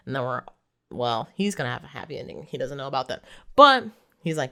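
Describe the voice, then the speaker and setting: Very deep yet pushed and bright, her voice is expressive and brisk. A woman reviewing movies, she chats her way through a plot recap, using "like" heavily and laughing as she goes.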